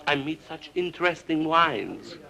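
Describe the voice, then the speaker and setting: An actor with a French accent playing a jovial, exuberant wine broker and mayor in a 1960s TV drama. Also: male voice, fairly high pitch, animated, unhurried, creaky, bright, forceful tone, heavily acted. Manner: exuberant, theatrical, laughs often.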